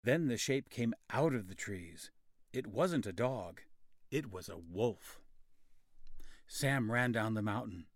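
Slow expressive male storyteller. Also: on the low side, no echo. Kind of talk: storybook narration.

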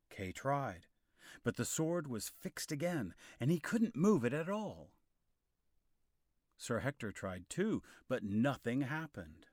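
A male storyteller narrates a storybook at a slow, unhurried pace. His reading is clear and expressive, and his pitch moves freely. The sound is close and dry. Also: no room sound.

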